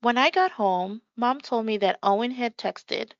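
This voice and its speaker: A woman reading a first-person children's story aloud in a calm, measured storytelling voice. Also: a little high, dry recording. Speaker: audiobook narrator. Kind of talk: first-person audiobook narration. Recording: dry, slightly muffled.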